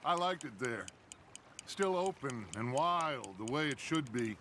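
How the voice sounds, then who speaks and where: An actor playing a middle-aged, charismatic gang leader who talks in an expansive, theatrical way in a game. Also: male voice, medium pitch, lively intonation, unhurried. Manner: expansive, theatrical, fond storytelling. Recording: game audio with loud background noise.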